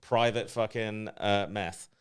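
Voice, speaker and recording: A man with a smooth, clear voice banters on a podcast. He trades crude jokes in an offhand, casual way. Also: lowish voice, steady tone, takes it slowly. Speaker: podcast co-host or guest. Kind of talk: casual chat.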